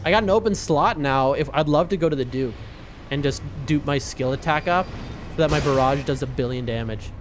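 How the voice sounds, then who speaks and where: A man's voice: on the high side, fairly quick, a little hiss or hum. A man chatting casually as a game streamer, telling a rambling story and reacting to his gameplay with frequent laughs and restarts.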